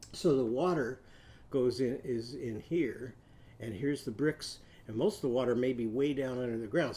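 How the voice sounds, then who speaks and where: A man teaching young children a drawing and phonics lesson, giving slow, patient step-by-step instructions. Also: medium pitch, warm tone.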